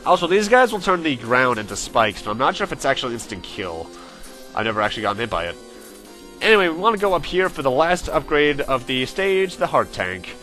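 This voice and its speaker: A man's voice: medium pitch, big pitch swings, fairly quick, pushed and bright, soft background music. A man hosting a let's play, chatting casually about the game as he plays and often correcting himself mid-sentence. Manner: chatty and self-correcting, with frequent fillers. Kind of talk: casual gameplay commentary.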